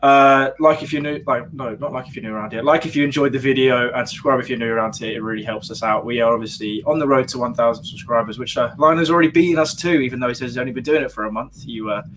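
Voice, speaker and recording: A relaxed male podcast host with a mid-pitched voice, easygoing and quick to laugh. A faint hiss of background noise sits under him. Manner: laid-back, laughs often. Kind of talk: casual chat.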